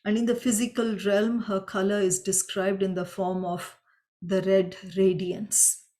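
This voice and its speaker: A woman leads a spoken chant lesson at a very unhurried pace. Her voice sits at an ordinary middle pitch. She breaks each sound down with patient care and draws the chanted lines out long. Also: little pitch movement, mellow. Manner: patient, explains pronunciation step by step; chants mantras slowly and drawn out. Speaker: Sanskrit chant teacher.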